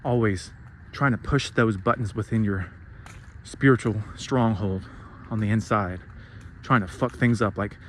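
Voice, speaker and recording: A man's voice: mid-range voice, a bit bright, a little hiss or hum. A man giving a heated, profane spiritual rant, sarcastic and emphatic, who swears freely. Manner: sarcastic, mocks others in put-on voices. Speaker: spiritual vlogger.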